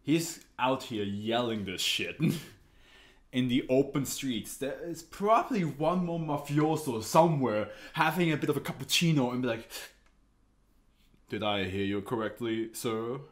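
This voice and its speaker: Animated man doing a jokey reaction. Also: medium pitch, unhurried. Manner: animated, jokey, laughs often; talks while standing. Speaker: anime reaction host. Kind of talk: casual reaction commentary.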